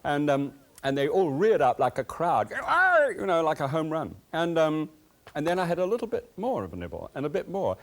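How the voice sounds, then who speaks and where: A man's voice: fairly high pitch, very animated, a little fast, darkish tone. A man hosting a cooking show, chatting enthusiastically and telling folksy anecdotes from a TV kitchen set. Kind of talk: cooking show chat and storytelling.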